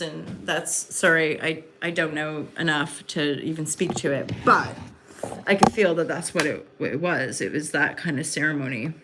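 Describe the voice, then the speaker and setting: Her pitch sits fairly low and has a slightly bright quality. Streaming from home at night on her phone, this spiritual reader and host talks in an effusive, meandering way with plenty of filler words.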